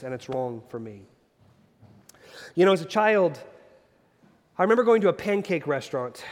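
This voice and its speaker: A man in his thirties preaching a sermon as pastor, earnest, moving between soft hushed lines and emphatic bursts. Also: fairly high pitch. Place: church sanctuary. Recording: long hall reverb.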